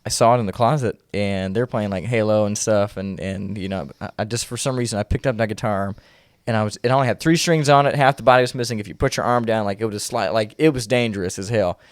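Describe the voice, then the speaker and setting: A man's voice: lowish voice, fast talker, dry recording, studio quality. Laid-back young man from Indiana. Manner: laid-back storyteller, many fillers. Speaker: guest musician. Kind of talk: casual interview chat.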